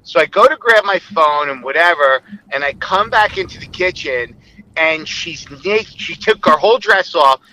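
A man with a very bright, slightly high voice tells a rambling, explicit personal story. He talks casually and keeps quoting what others said. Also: animated, moderate pace, rough recording.

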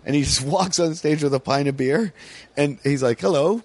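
A man's voice: a little high, moderate pace, darkish tone. An American man, a comedian, telling stories in a casual podcast chat and swearing freely.

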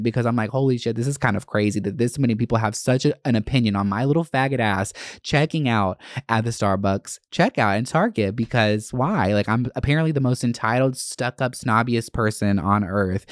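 A man rants straight into his phone about his week, cursing freely as his voice leaps higher in surges. The sound is dry and close with no room around it. His register is middle for a man, while the delivery is lively and loose. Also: dry recording. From Atlanta area. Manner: profane, animated, quick bursts of rising pitch. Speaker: content creator. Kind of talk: casual storytime rant.

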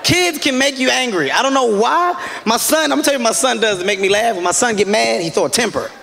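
A man doing a stand-up routine in an animated way, breaking into loud, high shouting. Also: fast, creaky. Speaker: stand-up comedian. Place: comedy stage before a live audience. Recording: reverberant live room with ambient noise.

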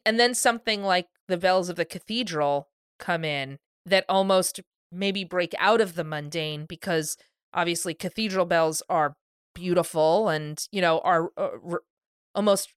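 A woman co-hosting a podcast, chatting casually with animated, enthusiastic energy and frequent laughter. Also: on the low side, a little slow, clear, resonant tone, no room sound, clean studio sound. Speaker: podcast co-host. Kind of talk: casual chat.

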